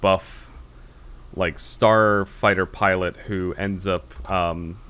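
An American man with a fairly low voice hosts a casual podcast chat. He rambles along with plenty of fillers and restarts as he works toward his point. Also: steady tone, slow pace, bright, forceful tone, clean tone. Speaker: podcast host.

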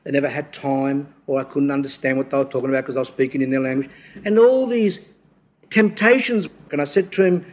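A man's voice: mid-range voice, fairly quick. A middle-aged man giving an informal sermon, telling rambling stories and acting out what others said. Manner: rambling storyteller, acts out quotes, frequent restarts. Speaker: speaker at a church talk.

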